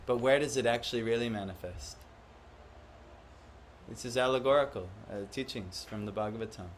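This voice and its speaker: A man's voice: mid-range voice, normal speed, slight background noise. A man giving a devotional class to a live audience, often questioning the listeners and acting out the voices he quotes. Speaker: spiritual teacher.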